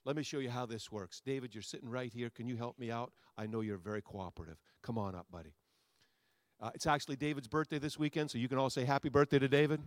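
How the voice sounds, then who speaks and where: Pastor preaching with rising and falling intensity. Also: male voice, quick pace, no echo. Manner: swings between loud soaring lines and low quiet asides; repetitive, rousing preaching cadence. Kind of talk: sermon. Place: church sanctuary before a congregation.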